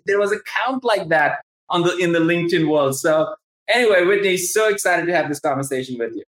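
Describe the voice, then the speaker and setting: Excitable man with a Southern accent, echoey room. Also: sits high, normal speed. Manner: enthusiastic, rambling, many restarts and fillers. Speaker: podcast host. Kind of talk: casual live-stream interview. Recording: roomy, echoey room sound.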